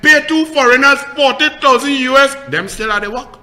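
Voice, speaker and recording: Man, Trinidadian accent, very high voice, sharp bright tone, mocking, scolding political rant. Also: normal speed. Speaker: political commentator host. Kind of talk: ranting political commentary.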